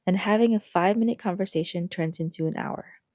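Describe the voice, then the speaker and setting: A woman hosts a podcast and reads a story aloud in a gentle, reflective way. Her voice is mellow and fairly low, recorded dry and close. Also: brisk, no room sound. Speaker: podcast host.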